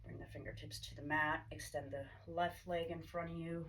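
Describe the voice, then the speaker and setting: A woman yoga instructor calmly cueing poses and breaths in a guided class, her throat a little choked up. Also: sits low, normal speed. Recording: distant mic with faint background hiss.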